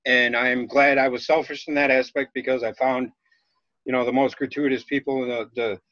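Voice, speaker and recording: A man with a Minnesota accent rambles through a casual podcast chat, stopping and restarting his sentences as he goes. His voice sits at a middle pitch. The sound is dull, lo-fi and dry. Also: level tone, normal speed, a bit bright, no echo.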